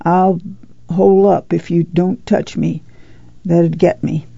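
A woman reading the part of a worn-out, grieving farm mother in a quiet, low voice, on a dull lo-fi recording. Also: flat delivery, slow pace, creaky, slightly rough, no room sound, full character voice. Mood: weary, grieving. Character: weary, grieving farm mother, middle-aged.

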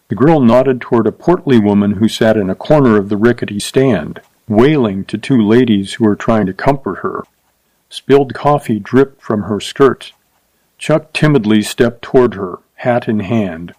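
A man narrating a short story aloud in a steady, measured reading. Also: medium pitch, no echo, low-quality recording.

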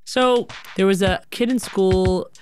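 A woman telling a personal story in an animated, conversational way, with many casual fillers. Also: medium pitch, slow, over music. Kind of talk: personal story told to an audience.

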